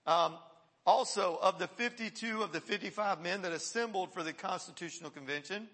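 Man, pastor's sermon, high voice, bright tone, slow deliberate quoting. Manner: reads quotations slowly, restarts often.

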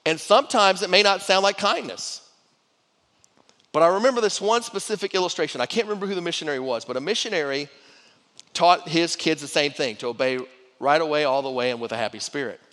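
A man's voice: on the high side, brisk, fairly bright tone. A middle-aged man preaching a sermon to his church in a conversational way, repeating words and restarting phrases as he goes. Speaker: pastor. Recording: long hall reverb.

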